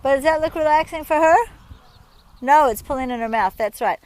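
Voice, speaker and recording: A woman's voice: sits high, brisk, a little mellow, dry recording. A woman, a riding instructor talking outdoors from horseback, explaining things in a friendly, chatty way with everyday examples. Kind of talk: instructional talk while riding. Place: outdoors at a rural horse yard.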